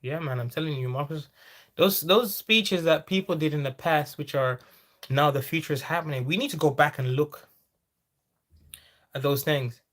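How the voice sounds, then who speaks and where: A man's voice: fairly high pitch, normal speed, long pauses, fairly bright tone. A man with a Jamaican accent hosting a livestream, chatting casually, reading out viewer comments, laughing often and slipping into patois. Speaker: livestream host. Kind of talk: casual live-chat reading.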